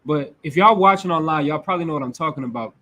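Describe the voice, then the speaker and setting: A man's voice: a little high, fast talker, pushed and bright. A man with a Midwestern American accent preaching a conversational sermon, talking casually with his listeners and often restarting his sentences. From United States. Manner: loose and informal, talks back and forth with the congregation, frequent restarts.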